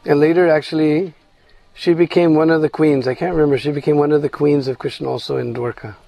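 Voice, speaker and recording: A man telling a devotional story slowly, checking in with his listeners with "hmm?" between phrases. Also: a little high, fairly even intonation, vocal fry, mellow, low-quality recording.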